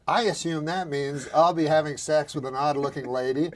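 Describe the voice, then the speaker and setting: A man telling jokes in a deadpan, rambling way, now and then chuckling at his own lines. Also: on the high side, normal speed. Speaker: comedian. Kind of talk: deadpan news jokes and talk-show storytelling.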